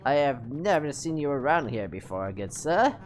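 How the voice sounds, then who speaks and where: A woman's voice: a bass voice, sing-song, normal speed. A woman voicing a prim male paper gatekeeper in a formal, pompous put-on British accent. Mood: haughty.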